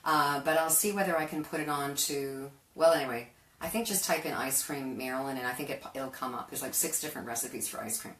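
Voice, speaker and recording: A woman's voice: a bass voice, a little fast. A woman hosting a live cooking show from her kitchen, chatting in a rambling way and laughing often. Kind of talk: casual live-stream chat. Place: home kitchen. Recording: roomy kitchen, mic far off, noisy.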